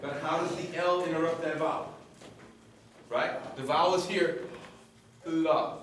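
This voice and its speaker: A male vocal coach talks a choir through vowels and breath, and often breaks into short sung demonstrations. He speaks slowly, with a slightly higher voice than most men. He is heard from across an echoey rehearsal hall with faint room noise behind him. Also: steady tone, a bit bright, far from the mic. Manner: demonstrates vowels by singing, gives quick cues.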